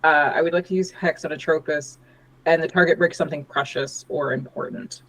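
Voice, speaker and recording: A player calmly stating a spell in a tabletop game. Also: medium pitch, fairly quick, rough recording. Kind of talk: casual tabletop play.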